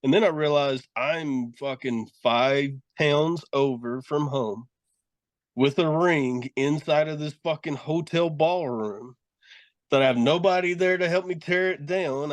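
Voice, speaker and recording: A middle-aged man who works as a pro wrestler and horror host trades profane, rambling stories and laughs in a casual podcast chat. His voice is on the high side, recorded with no echo.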